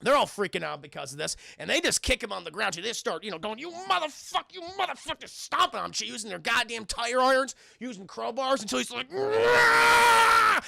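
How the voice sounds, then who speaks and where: A young man reviewing a film with his live chat, casual and profane, acting out lines loudly. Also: sits high, vocal fry, dry recording, clean studio sound. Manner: profane, animated, acts out quotes loudly.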